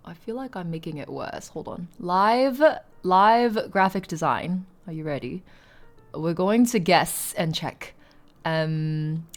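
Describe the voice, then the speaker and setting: A woman's voice: lowish voice, a bit bright. A woman live streamer chatting casually and rambling, laughing often and poking fun at herself.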